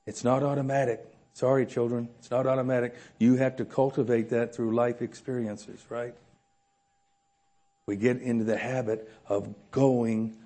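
A man with a mid-range voice preaches animatedly in a church room, swinging from loud emphasis to soft asides and chuckling often.

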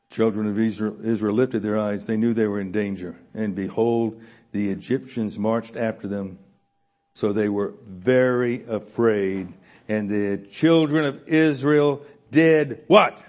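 Speaking slowly in a lowish voice, a man preaches in a church room with animation, alternating loud emphasis and quiet asides, with frequent chuckles.

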